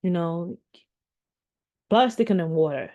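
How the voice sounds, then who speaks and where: A woman's voice: fairly low pitch, lively intonation, unhurried, highs cut off. A woman in her thirties giving casual commentary to her viewers, rambling with many restarts and fillers. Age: 30s. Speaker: commentary vlogger.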